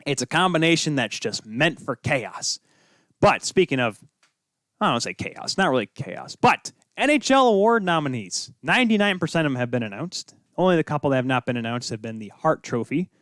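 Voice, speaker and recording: A man's voice: fairly high pitch, big pitch swings, a little fast, fairly bright tone, no echo, clean studio sound. A young man hosting a solo sports talk show, rambling off on tangents with self-deprecating asides, tired from little sleep. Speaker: podcast host.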